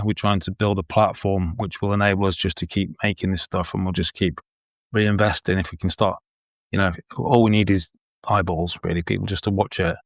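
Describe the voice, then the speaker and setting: Man, low voice, dry close sound, casual interview guest, rambling with ums and restarts. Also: no echo. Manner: rambling, repeats words, many ums. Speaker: filmmaker and paranormal investigator, podcast guest.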